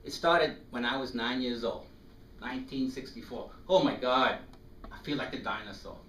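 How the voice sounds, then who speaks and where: A man in his fifties from South Africa, telling a personal story to an audience in an animated way and acting out the voices. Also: mid-range voice, moderate pace. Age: 50s. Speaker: speaker. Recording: echoey room, distant mic, faint noise.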